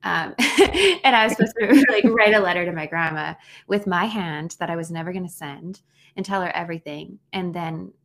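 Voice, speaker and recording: A woman's voice: fairly low pitch, normal speed, creaky, a bit bright. A woman in her thirties co-hosting a podcast, telling a personal story in an earnest, casual way with frequent restarts. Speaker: podcast co-host. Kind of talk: casual heartfelt conversation.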